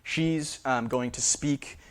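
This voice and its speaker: A man's voice: mid-range voice, slow, smooth. A man, a linguist, giving a public lecture in a theater, hesitant and full of fillers and restarts.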